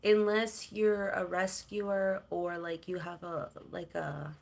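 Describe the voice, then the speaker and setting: A middle-aged woman from Canada, chatting casually on a livestream and cooing softly to her cats. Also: on the low side, level tone, slow pace, gravelly. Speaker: livestream host.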